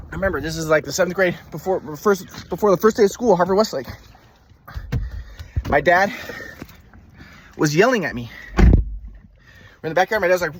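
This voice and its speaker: A man's voice: high voice, lively intonation, moderate pace, long pauses. A man telling a story from his youth in a casual monologue, rambling with many repeats and restarts as he demonstrates moves. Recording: clear background noise.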